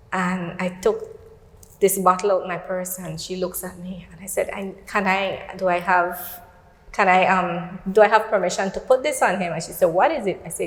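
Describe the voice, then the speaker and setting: Earnest Belizean woman in a roomy hall. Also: fairly low pitch. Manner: earnest, storytelling with quoted dialogue. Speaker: guest. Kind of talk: personal testimony in a faith talk show.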